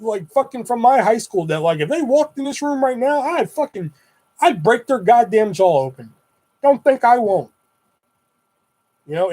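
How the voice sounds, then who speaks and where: Young guy, kinda high voice, swearing a lot, ranting about pizza job customers. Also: a little mellow. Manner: profane, rambling, acts out customers in quick voices. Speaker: pizza shop worker telling stories. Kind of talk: casual profane storytelling.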